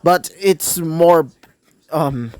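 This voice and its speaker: A man's voice: a little high, very slow, no echo. A man voicing a reluctant, embarrassed young male mage who explains things grudgingly in a fan-made story.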